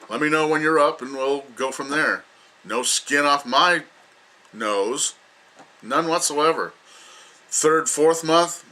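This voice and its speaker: A man's voice: medium pitch, sharp tone. An older man giving an emphatic, lecturing opinion rant as a vlogger, repeating himself for emphasis.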